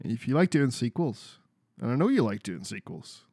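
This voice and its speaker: A man's voice: mid-range voice, sing-song, normal speed, vocal fry, warm tone, breathy edge, no room sound, studio quality. A man chatting casually about video games as a podcast co-host, rambling and swearing freely. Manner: sweary, rambling, restarts a lot.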